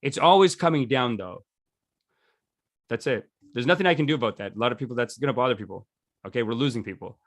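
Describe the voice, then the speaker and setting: A man's voice: medium pitch, quick pace, dry recording, clean studio sound. A man teaching a meditation session in a loose, rambling, jokey way, often restarting his sentences. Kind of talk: casual teaching talk.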